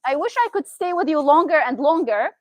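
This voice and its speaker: Here a female therapist from Syria, Arabic being her native tongue, delivers an interactive motivational talk in a chatty style, frequently putting questions to listeners. Her Syrian Arabic accent comes through in a high, expressive voice at a brisk pace. The audio lacks echo but is low quality.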